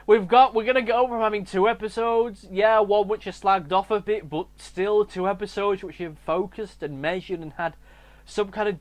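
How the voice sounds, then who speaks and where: A man rambling through a profane, comedic TV review monologue. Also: sits high. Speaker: video reviewer.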